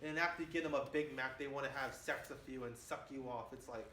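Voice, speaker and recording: A man's voice: medium pitch, fast talker, pushed and bright. Boastful young man rambling, echoey room. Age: 20s. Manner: boastful, keeps saying "man". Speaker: vlogger. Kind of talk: rambling casual monologue. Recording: echoey room with faint hiss.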